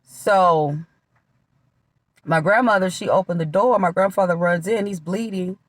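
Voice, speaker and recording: A woman's voice: lowish voice, unhurried, dry recording. Candid woman telling her life story. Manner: candid, conversational, drops into quoted voices of relatives. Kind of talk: casual storytelling testimony.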